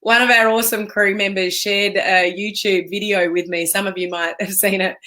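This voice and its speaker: An Australian woman giving an energetic, emphatic motivational talk on a live stream, chatting with viewers as a business coach. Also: medium pitch, moderate pace.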